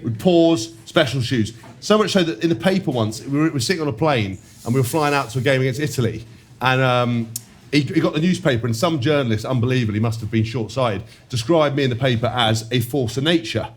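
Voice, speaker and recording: A man's voice: mid-range voice, fast talker. A man in his thirties, a former rugby player co-hosting, telling boisterous self-mocking anecdotes in casual chat.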